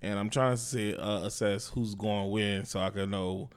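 A man's voice: fairly low pitch, steady tone, normal speed, clear, resonant tone. A man hosting a casual podcast, talking in a rambling, slangy way with many fillers. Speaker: podcast host. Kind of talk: casual chat.

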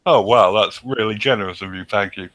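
A man's voice: fairly low pitch, fairly quick, fairly bright tone. A man with a cold, co-hosting a podcast in a dry, sardonic, swearing manner. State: has a cold. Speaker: podcast co-host. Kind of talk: casual chat and reading notes.

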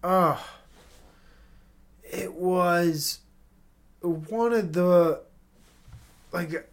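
Young guy rambling and swearing on his own podcast, kinda high voice, gets emotional. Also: very slow. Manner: rambling, profane, emotional confessional. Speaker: podcast host. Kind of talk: casual solo monologue.

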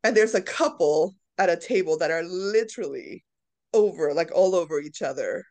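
A co-host in their fifties speaks at a middle pitch in a relaxed podcast chat. They tell stories with animation and slip into put-on voices to quote favorite scenes. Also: normal speed. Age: 50s. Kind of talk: casual chat.

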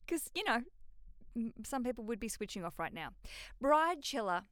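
A woman's voice: fairly high pitch, sing-song, measured pace, a bit bright, no room sound. An Australian woman hosting her own podcast, chatting casually, rambling and swearing freely with self-mocking asides. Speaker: podcast host. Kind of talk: casual solo podcast chat.

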